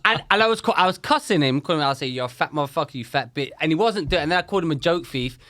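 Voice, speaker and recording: A man with a higher-pitched voice that leaps all over the place tells a rambling comic story in a podcast chat. He swears freely and puts on other voices for quotes. The sound is close and dry. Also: rapid-fire, no echo. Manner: animated, swearing, acts out quotes. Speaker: comedian podcast co-host. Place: shipping container studio.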